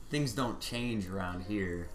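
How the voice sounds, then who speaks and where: Low-voiced young man joking crudely. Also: big pitch swings, takes it slowly, reverberant, a little hiss or hum. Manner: crude, joking, swears freely. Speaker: podcast co-host. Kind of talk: casual chat.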